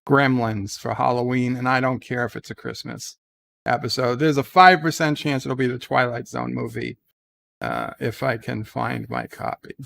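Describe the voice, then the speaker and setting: A man's voice: medium pitch, moderate pace, creaky, fairly bright tone. A man hosting a casual live stream, chatting and rambling as he reads viewer comments aloud. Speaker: live-stream host reading chat.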